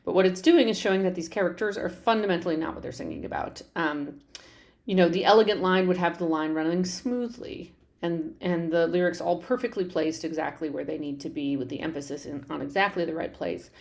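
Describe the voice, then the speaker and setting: Woman, podcast host, low voice, explanatory chat, fillers and restarts. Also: fairly quick, gravelly, darkish tone. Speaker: podcast host analyzing a musical. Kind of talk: conversational analysis.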